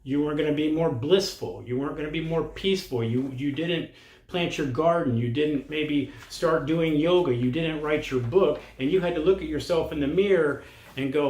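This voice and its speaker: An older man speaks in a frank, challenging monologue, calling out his listeners directly. His voice sits a little high for a man. The sound carries a roomy echo. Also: normal speed, a little mellow. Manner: blunt, challenging, talks straight at the viewer. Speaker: vlogger giving expat advice. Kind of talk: casual monologue to camera. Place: lives in Costa Rica.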